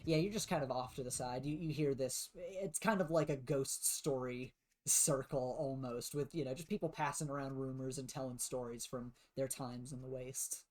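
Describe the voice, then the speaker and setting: A man's voice: medium pitch, steady tone, normal speed, darkish tone, faint music behind. A man narrating as game master in a casual, rambling way. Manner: casual, many fillers and restarts.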